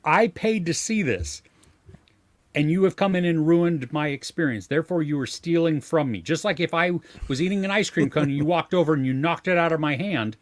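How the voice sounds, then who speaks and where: A man co-hosting a movie podcast in casual chat, jokey and animated, playing up mock threats. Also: fairly high pitch, fairly quick, no room sound. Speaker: podcast co-host.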